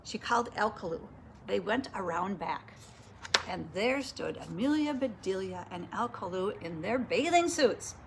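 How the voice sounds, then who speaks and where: Lively woman reading a picture book aloud. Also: mid-range voice, unhurried, creaky, noisy background. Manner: lively, asks listeners to join in. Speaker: storyteller.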